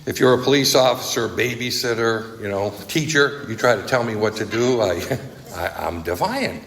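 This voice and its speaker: A man's voice: mid-range voice, animated, moderate pace, a bit bright. A man speaking at a recovery meeting, telling his story bluntly and conversationally, often checking in with "right?" and "okay?". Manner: conversational storytelling, frequent tag questions, blunt. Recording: echoey hall with faint noise.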